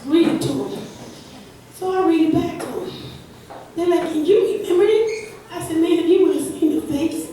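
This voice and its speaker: High-voiced woman telling stand-up stories. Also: moderate pace, pauses often, dark tone. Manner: loose storytelling with laughs and spooky sound effects. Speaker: stand-up comic. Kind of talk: open mic stand-up storytelling. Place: comedy club stage. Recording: echoey club recording from far off. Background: audience laughter.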